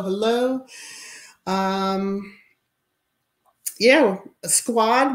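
A woman's voice: mid-range voice, low-quality recording. A woman hosting a casual live stream, greeting viewers by name and chatting emphatically. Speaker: YouTube livestream host. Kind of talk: casual live-chat commentary.

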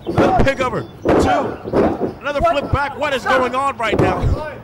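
A man calling a live wrestling match play by play, excitable and often shouting. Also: very high voice, unhurried. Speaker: wrestling commentator. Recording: loud background noise.

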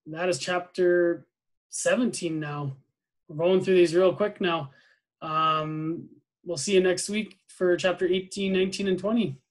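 A man with a slightly high voice reads a novel aloud to his students. His reading is plain and even, with small slips that he corrects as he goes. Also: a little slow, rough recording.

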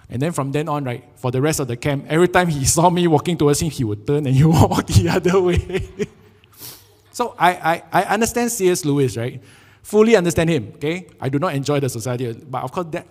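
A man preaching a sermon with a Singaporean English accent, telling jokey, animated stories and acting out quotes. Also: on the high side, fairly quick, big-room sound. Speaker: pastor. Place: church sanctuary.

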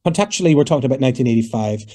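A Northern Irish man in his fifties, a singer answering interview questions in a lively, storytelling way and acting out the voices of people he quotes. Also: medium pitch, rapid-fire. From Northern Ireland. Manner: animated, digressive, acts out quoted voices. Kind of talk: conversational storytelling.

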